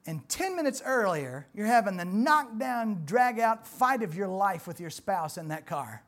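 A man, preaching a sermon in church in a folksy, conversational way that swells louder on emphatic points. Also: high voice, big pitch swings, unhurried. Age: 40s. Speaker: pastor.

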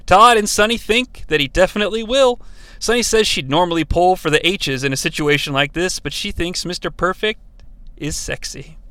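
A man's voice: sits high, moderate pace, pushed and bright, dry recording. A man hosting a podcast, recapping an old broadcast in a casual way with wry, chuckling asides to his listeners. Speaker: podcast host.

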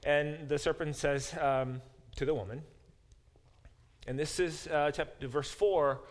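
This professor's voice is a little high and moves at a moderate pace. Teaching a Bible class, he reads out verses and explains them, often stumbling into fillers and restarting his sentences.

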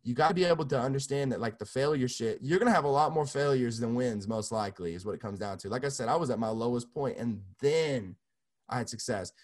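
A man's voice: medium pitch, fast talker, a little mellow. A young man, a music producer, telling his story casually in an interview, loose and profane with many restarts.

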